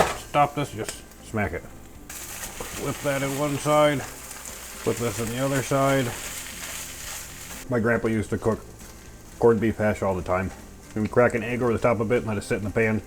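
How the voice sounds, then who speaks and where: A man with a medium-pitched voice speaks a little slowly and pauses often as he cooks in his home kitchen. He narrates each step casually and goofily, with plenty of playful sound words. Music is clearly heard beneath him, and pans clatter.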